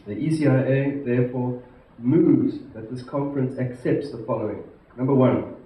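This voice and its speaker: Man speaking in an echoey hall. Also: mid-range voice. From South Africa. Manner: measured, emphatic, stresses key words. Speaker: institute president giving a conference address. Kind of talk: formal prepared speech to a conference. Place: large conference hall. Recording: echoey hall, distant mic, muffled, faint hiss.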